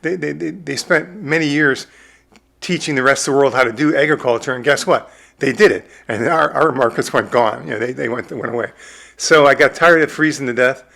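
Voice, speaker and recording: Man, 60s, from the Midwest, rapid animated storyteller, middle pitch, interview guest. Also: gravelly. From American Midwest. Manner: animated storyteller who acts out his own quotes. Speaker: film director and producer, interview guest.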